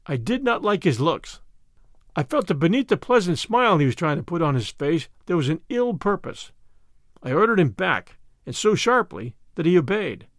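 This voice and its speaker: Expressive male audiobook narrator, dry sound. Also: a little high, moderate pace, dry recording. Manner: expressive, dramatic reading. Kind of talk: first-person scripted narration.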